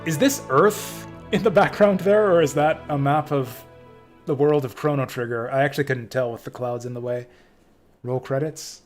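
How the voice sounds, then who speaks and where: A man's voice: medium pitch, normal speed. A man streaming a game, reading its dialogue aloud in a dramatic way and drifting into casual, profane asides. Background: faint game music.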